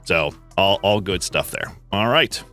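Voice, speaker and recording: A man's voice: sits low, lively intonation, measured pace, bright, forceful tone, faint music behind. A man from Massachusetts with a Boston-area accent, hosting a casual live quiz chat and laughing often. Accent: Boston-area American. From Massachusetts, USA. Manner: laughs often, chatty with restarts. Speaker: host.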